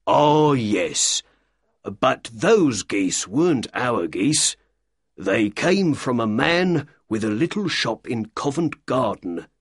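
An affable pub landlord, as a narrator puts him on, speaking slowly and openly in a husky voice. The recording is dry and close. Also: male voice, medium pitch, sing-song, no room sound, full character voice.

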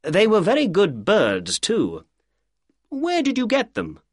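A sharp, inquisitive detective, as an audiobook narrator puts him on, lifted well above the reader's own voice and swinging through a very lively melody. He asks brisk, courteous questions at an unhurried pace, with a husky edge on a dry, close recording. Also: sits high, no room sound, voice pushed up, exaggerated voice. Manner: brisk, polite and probing. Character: keen sharp-witted male detective. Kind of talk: audiobook character reading.

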